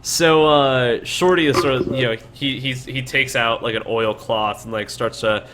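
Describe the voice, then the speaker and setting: A man's voice: mid-range voice, fairly even intonation, normal speed, a bit bright, slight background noise. A man narrating a tabletop game as dungeon master, loose and full of fillers.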